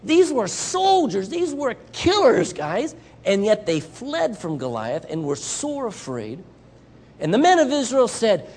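Preaching as a missionary in a Southern US accent, this man takes an unhurried pace in a voice that sits high. He brings the sermon to life by acting out Bible characters.

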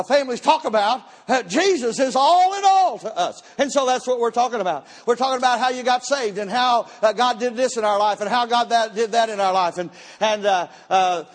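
A man preaching a sermon to a church, telling a story with emphatic, repeated words. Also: sits high. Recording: long church hall reverb.

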